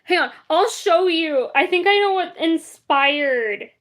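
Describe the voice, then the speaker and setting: A woman's voice: very high-pitched, expressive, slow, fairly bright tone. A young woman streaming live, chatting casually and rambling, often laughing. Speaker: livestreamer. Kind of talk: casual livestream chat.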